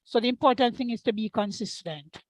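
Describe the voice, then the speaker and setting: A woman's voice: on the high side, fairly quick, dry recording, poor audio. A woman with a Jamaican accent giving firm, emphatic advice on pronunciation.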